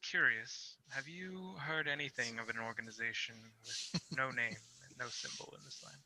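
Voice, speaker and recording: A man's voice: mid-range voice, steady tone, moderate pace, pushed and bright, poor audio. A man voicing a curious, polite adventurer with a metal arm. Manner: polite and probing.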